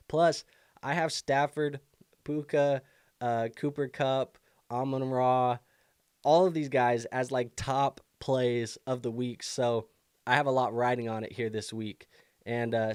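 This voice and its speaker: Here a young man with the hiccups hosts a live fantasy football stream, casually answering viewer questions and thinking aloud with many fillers. His medium-pitched voice is smooth and a little mellow, with clean studio sound and no room sound.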